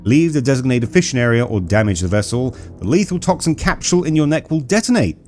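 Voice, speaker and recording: Guy doing a gruff aussie prison guard in a game, drawly and bossy, up and down a lot, bit of game music under. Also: medium pitch, very animated, fast talker, darkish tone, lightly acted. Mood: brusque official. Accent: put-on Australian. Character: gruff male prison officer with a put-on Australian accent.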